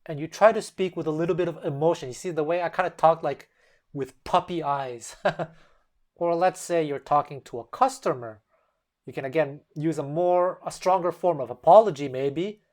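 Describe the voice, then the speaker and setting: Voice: mid-range voice, normal speed, a little mellow. A language-lesson host explaining step by step in a casual way and acting out example phrases in shifting tones.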